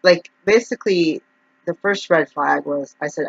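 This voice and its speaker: A man's voice: on the high side, moderate pace, creaky, dry recording. A man who works as a naturopath talks through his troubles in a rambling, emotional vlog monologue. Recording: dull, dry lo-fi recording.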